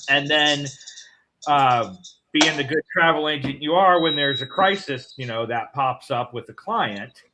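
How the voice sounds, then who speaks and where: A man's voice: fairly high pitch, unhurried, background noise. A man co-hosting a casual morning show, telling a long rambling story. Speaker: co-host.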